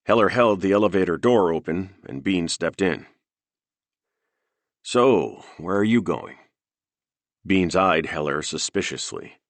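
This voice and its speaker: A man narrating a thriller audiobook in a steady, measured reading. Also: low-pitched, no echo.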